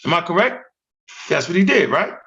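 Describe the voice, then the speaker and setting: A man with a Baltimore accent hosting an online talk show, animated and profane, talking in bursts with tag questions. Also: sits high, normal speed, vocal fry, lo-fi sound. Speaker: podcast host. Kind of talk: casual heated chat.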